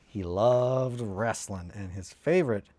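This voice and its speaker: Speaking slowly in a lowish voice with no echo, a man chats casually on a livestream while doing a hobby. He rambles, answers chat, gets animated and breaks into quoted cartoon lines.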